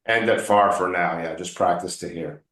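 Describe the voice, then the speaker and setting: A man's voice: deep voice, normal speed, a bit bright. Male English tutor, patient explaining, repeats words for drills, roomy echo. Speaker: English coach.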